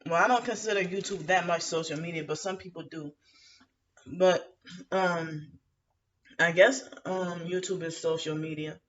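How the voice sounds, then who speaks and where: Aggrieved and indignant, a female vlogger rambles through a venting monologue, stumbling over fillers and restarting sentences. Her voice is on the low side and a little slow with fairly even intonation, and the muffled lo-fi recording, made away from the mic, carries slight background noise.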